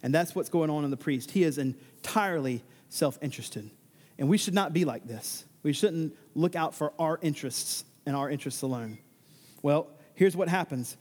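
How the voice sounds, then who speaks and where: High-voiced preacher in an echoing hall. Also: male voice, animated, moderate pace, darkish tone. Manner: emphatic, exclaiming. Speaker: pastor. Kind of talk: sermon.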